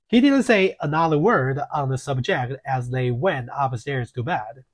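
A man narrating an audiobook in a measured reading, with occasional filler slips. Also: mid-range voice, animated, breathy edge.

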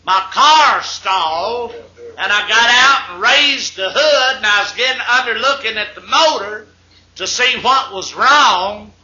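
A woman's voice: fairly high pitch, unhurried, sharp tone, muffled recording. A man doing a drawling stranded woman. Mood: indignant. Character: flustered young woman stranded on highway. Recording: hissy echoey 8-track tape.

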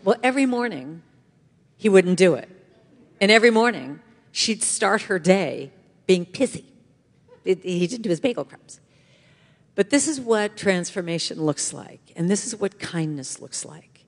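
A woman speaking as guest speaker at a church, giving an inspirational talk with lively storytelling and call-and-response. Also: lowish voice, moderate pace. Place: church sanctuary. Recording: long hall reverb.

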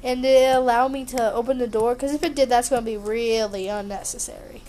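A high-voiced young woman talks her way through a horror game in a chatty, sing-songy way, joking and sarcastic as she goes. Her voice is bright and youthful, and a faint hiss sits under the home mic recording. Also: fairly even intonation, a little fast, hardly any pauses, poor audio. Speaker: gaming YouTuber. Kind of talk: horror game let's play commentary.

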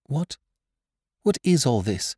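A man's voice: mid-range voice, big pitch swings, takes it slowly, mellow, slightly rough, no room sound, studio quality, pitched above the performer's own voice, exaggerated voice. A man voicing a young woman on a ship who asks anxious questions. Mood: alarmed.

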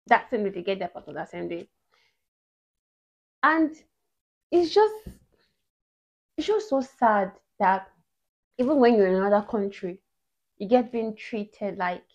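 Young woman, vlog storyteller, animated, medium pitch, muffled lo-fi sound. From Nigeria. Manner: animated, emotional retelling with many restarts. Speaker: vlogger. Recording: dull lo-fi audio.

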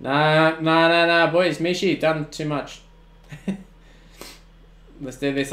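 A young man, commentating his own video game on a live stream in excitable bursts, often shouting. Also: fairly high pitch, very slow, roomy sound. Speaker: gaming streamer.

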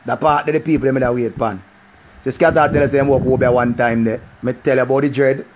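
A man's voice: mid-range voice, fast, a little hiss or hum. A man with a Jamaican accent giving casual, profane commentary. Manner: animated, repetitive, profane. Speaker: vlogger.

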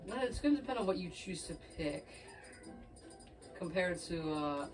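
A man's voice: high-pitched, animated, normal speed, recorded from a distance. A young man hosting a gaming video, chatting casually and rambling with lots of restarts while he plays. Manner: rambling, restarts often, laughs at himself. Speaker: gaming channel host. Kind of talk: casual chat while playing a fighting game. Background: video game music.

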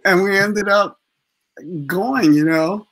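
Speaking slowly in a high-pitched voice, a US street performer in his fifties guests on a casual storytelling interview. His profane, animated tales come with frequent laughter.

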